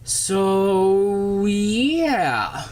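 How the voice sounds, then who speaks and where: Slow, halting man over background noise. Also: sits high, very animated, darkish tone. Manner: halting, many fillers and self-corrections. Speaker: toy reviewer. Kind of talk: casual toy review and transformation walkthrough. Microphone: camera on a small tripod.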